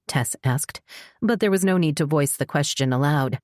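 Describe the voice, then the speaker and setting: A woman with a low voice narrates an audiobook in a steady, measured way. The recording is dry and close, with no room sound. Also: no room sound. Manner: measured storytelling. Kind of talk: scripted narration.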